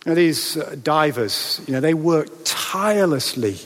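A man preaching a sermon in a church, dramatic, with rhetorical questions and pauses for effect. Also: fairly high pitch, lively intonation, a bit bright. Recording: long reverb of a large hall.

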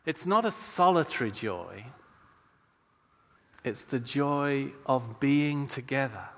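A man preaching a sermon in a slow, measured way, letting his phrase ends fall soft. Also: medium pitch, lively intonation. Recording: long hall reverb.

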